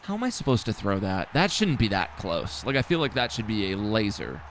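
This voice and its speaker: A man's voice: fairly low pitch, sing-song, a little fast, a bit bright, slight background noise. Man muttering over a football video game. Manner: swearing, self-deprecating, talks to himself while playing. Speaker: gaming streamer. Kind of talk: casual gameplay commentary.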